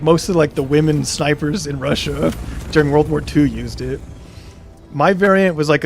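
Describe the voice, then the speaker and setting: A young man streaming a game, telling a long story in a rambling, casual way with many fillers and restarts. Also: a little high. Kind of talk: casual storytelling while gaming.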